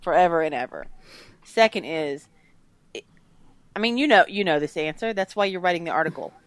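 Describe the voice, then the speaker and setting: Woman podcast co-host, lower voice, blunt, frank, swears, dry close sound. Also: lively intonation, brisk, dry recording. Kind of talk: casual podcast discussion.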